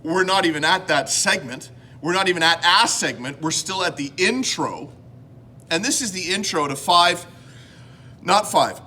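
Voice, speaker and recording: A man's voice: high voice, expressive, normal speed, pushed and bright, slight background noise. A man from Canada hosting a casual home vlog, rambling and joking at his own expense. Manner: rambling, self-mocking, jokey. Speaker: host.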